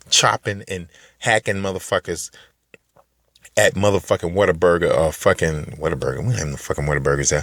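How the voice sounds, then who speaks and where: Man, very deep voice, profane rambling vlog rant, restarts and fillers, mutters then emphatic bursts, dry close sound. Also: fairly bright tone, no room sound. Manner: shifts between low mutters and raised, emphatic bursts. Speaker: vlogger. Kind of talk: unscripted ranting monologue to camera.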